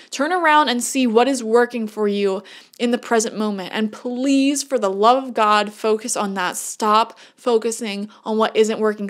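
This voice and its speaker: Earnest woman reading tarot. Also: fairly high pitch. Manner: earnest, blunt tough-love advice with frequent laughs. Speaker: tarot reader. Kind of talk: casual tarot reading to camera.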